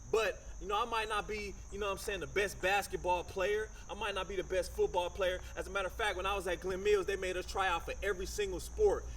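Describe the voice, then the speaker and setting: A man with a fairly high, light voice gives a motivational talk, telling his own story in a loose, conversational way. He is from Michigan and talks in slang. Faint crickets chirp behind him. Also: a bit bright, slight background noise. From Michigan, USA. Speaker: motivational speaker.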